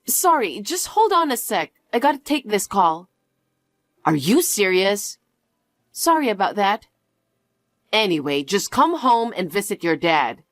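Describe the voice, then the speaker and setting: A woman voicing a frantic middle-aged mother who pleads, pushes and keeps repeating herself, in a lower, heavier register. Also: big pitch swings, measured pace, fairly bright tone, no room sound. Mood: pleading. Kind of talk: dialogue story acting.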